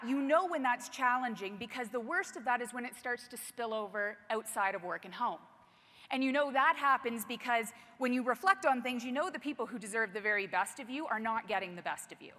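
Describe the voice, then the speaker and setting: Bright, high-voiced woman giving a keynote. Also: brisk, long reverb tail. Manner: animated, asks the audience rhetorical questions. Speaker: keynote speaker. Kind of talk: motivational talk to a live audience.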